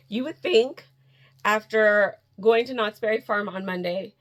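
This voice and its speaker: Middle-aged woman, casual vlogger, excitable and chatty, laughs often, loose restarting sentences. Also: medium pitch, unhurried. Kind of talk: casual chat. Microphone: camera in front, steps back and forth.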